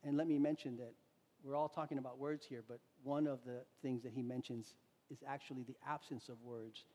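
A man preaching a sermon, animated, acting out little dialogues as he goes. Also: medium pitch, brisk. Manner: animated, acts out quoted dialogue. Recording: long hall reverb.

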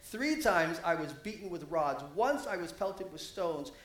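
A man preaches a sermon with a high-pitched voice, his delivery animated and climbing when he quotes scripture. The sound carries the echo of a roomy space. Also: unhurried.

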